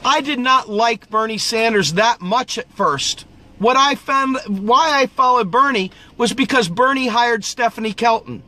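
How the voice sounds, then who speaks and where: A political video host vents in an impassioned, profane, preachy rant, repeating phrases for emphasis and coughing at times. His voice is very high, a little slow, bright, and forceful.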